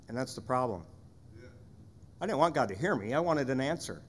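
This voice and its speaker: Earnest man preaching, slightly high voice. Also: expressive, normal speed. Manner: earnest, conversational preaching with rhetorical questions. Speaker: pastor. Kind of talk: sermon.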